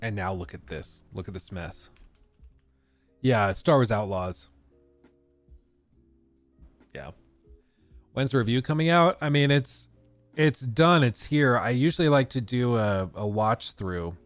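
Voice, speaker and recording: A man's voice: mid-range voice, measured pace, pauses often, dry recording, soft background music. A man hosting a live stream, rambling casually as he reads and answers viewer messages. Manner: rambling, reacting to chat with frequent restarts.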